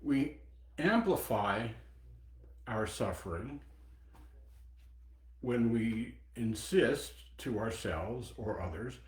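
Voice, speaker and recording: A man in his seventies giving a dharma talk as a Buddhist teacher, reflective, pausing and personal. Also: mid-range voice. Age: 70s. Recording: echoey meeting room.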